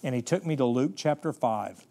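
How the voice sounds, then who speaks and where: A man preaching a sermon, reading scripture slowly and retelling the story in vivid everyday words. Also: mid-range voice, animated, mellow.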